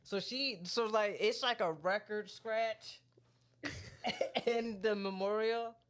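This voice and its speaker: Podcast guy telling a crazy story, kinda high smooth voice, lots of cussing, does little voices for people. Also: slow. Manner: loose, profane, animated storyteller who quotes people. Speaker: podcast co-host. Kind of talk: casual chat, storytelling.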